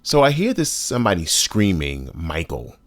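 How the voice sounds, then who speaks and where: Very low-voiced man in his 60s, blunt wry storyteller, dry close sound. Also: lively intonation, measured pace, no room sound. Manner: conversational, emphatic, wry and blunt. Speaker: storyteller host. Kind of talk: personal storytelling monologue.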